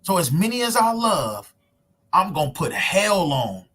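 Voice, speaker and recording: A man delivers a sermon to camera in a loose, emphatic street manner, firing off rhetorical questions. His voice sits a little high and has a husky, rough-edged tone. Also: big pitch swings, a little slow, a bit bright. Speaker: preacher. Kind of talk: street preaching sermon video. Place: at home recording himself with screen share.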